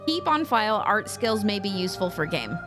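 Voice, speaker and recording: A woman's voice: medium pitch, very animated, brisk. Chatty, sarcastic young woman streamer. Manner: chatty, sarcastic, swears freely. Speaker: let's play streamer. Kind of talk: casual gameplay commentary. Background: game music.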